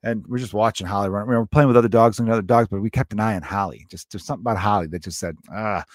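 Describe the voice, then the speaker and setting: A man's voice: fairly low pitch, very fast, no room sound, studio quality. Profane, jokey man telling a dog story. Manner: loose, profane and jokey, many fillers. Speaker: comedian podcast host. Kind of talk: comedic storytelling monologue.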